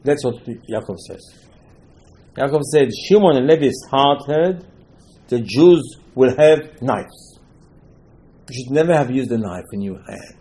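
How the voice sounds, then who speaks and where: A man's voice: mid-range voice, lively intonation, measured pace, dark tone, low-quality recording. A man teaching a Torah lesson as a sermon, telling the stories with animation and acting out the dialogue in loose, non-native English full of Hebrew terms. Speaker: religious teacher.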